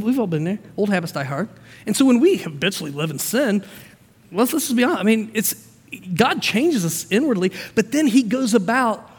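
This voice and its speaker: A man preaching a sermon as pastor, energetic and conversational, with asides and frequent restarts. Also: high voice, slightly rough. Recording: long hall reverb.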